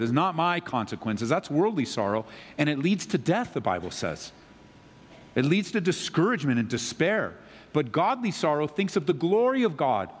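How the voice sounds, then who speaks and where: A man delivers a Bible-teaching sermon in an earnest preaching voice, pressing hard on some phrases and dropping low on others. His voice sits at an ordinary male pitch. A long reverb trails after his words. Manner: earnest preaching that swings from loud urgency to quiet emphasis. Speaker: pastor.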